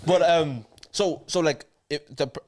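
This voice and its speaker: A man's voice: on the high side, measured pace, darkish tone. A young man with an Irish accent, co-hosting a casual podcast chat and rambling with lots of "do you know what I mean". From Ireland. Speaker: podcast co-host.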